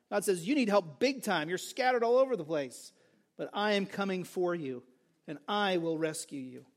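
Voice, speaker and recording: A male pastor preaching a sermon, earnest and emphatic, repeating key phrases for stress. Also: high voice.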